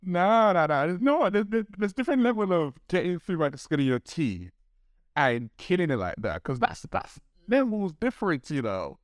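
A man hosting an interview, excitable and repeating words when he is emphatic. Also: sits high, moderate pace, dry recording, clean studio sound. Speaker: host. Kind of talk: conversational interview.

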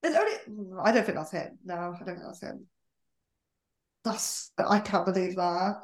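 A woman hosting a casual film review podcast, animated and blunt, often laughing. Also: mid-range voice, measured pace. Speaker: podcast host.

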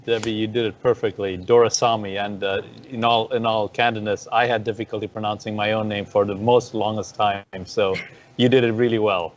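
A man's voice: on the low side, little pitch movement, a little fast. A man who grew up in Africa, a guest speaking politely and modestly over a video call. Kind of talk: remote interview. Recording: dull video call with faint noise.

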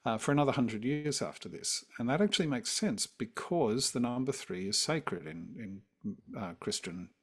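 A man's voice: mid-range voice, animated, normal speed, a bit bright, breathy edge. A man who is a music scholar, explaining history with enthusiasm in a conversational interview. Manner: enthusiastic, lecturing.

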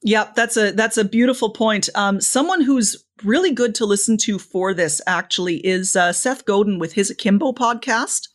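Expressive woman with a lively pitch. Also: moderate pace, hardly any pauses. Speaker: podcast guest, speaking coach. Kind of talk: conversational interview.

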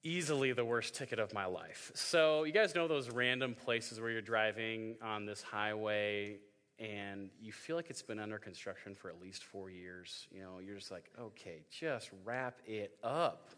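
A man's voice: lowish voice, measured pace, a bit bright. A young man in his twenties giving a joking sermon to a youth group, telling stories and acting out voices. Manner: joking storytelling, acts out voices. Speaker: youth pastor. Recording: hall reverb.

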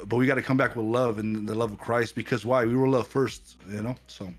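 A man's voice: medium pitch, fairly even intonation, brisk. A man who is a pastor, speaking earnestly in a casual faith conversation and often repeating words as he gathers his thoughts.

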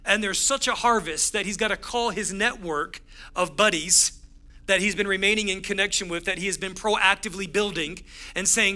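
A young man preaching a sermon in a high, sharply bright voice. He tells his story with lively, conversational energy, speaking straight to his congregation as their pastor. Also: normal speed.

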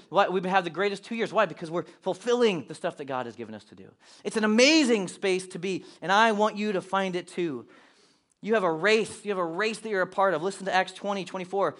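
Pastor, male, high-pitched, animated sermon delivery with acted-out asides. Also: fast talker.

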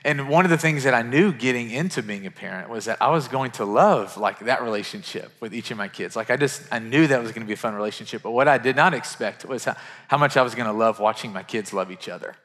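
A man in his thirties from western Kentucky preaching a sermon as pastor, earnest and conversational, restarting phrases and dropping to a hush for quoted lines. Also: medium pitch, fast talker. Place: church sanctuary. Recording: church sanctuary with long reverb.

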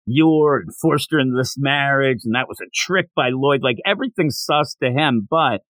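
A man's voice: mid-range voice, normal speed, dry recording, low-quality recording. A man hosting a podcast, chatting casually as he retells a manga chapter and quotes its characters. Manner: animated retelling with quoted lines. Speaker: podcast host. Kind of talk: casual manga recap chat.

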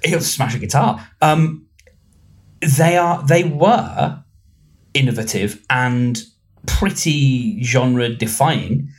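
A man's voice: mid-range voice, takes it slowly. A man hosting a casual podcast chat, rambling and self-mocking, with many ums and restarts. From England. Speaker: podcast host.

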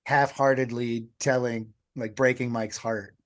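A man co-hosting a podcast, talking about a movie with excited enthusiasm. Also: medium pitch, unhurried. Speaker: podcast co-host. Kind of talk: casual movie chat.

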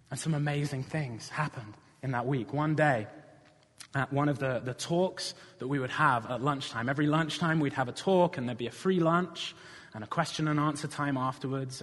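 Male preacher, husky tone, earnest storytelling sermon in a church hall. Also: mid-range voice. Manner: earnest storytelling, building to passionate appeals.

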